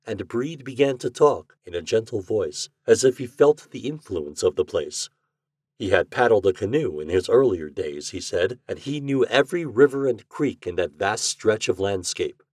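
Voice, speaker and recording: A man narrating a classic short story as podcast host, measured and even in his storytelling. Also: lowish voice, no echo, studio quality.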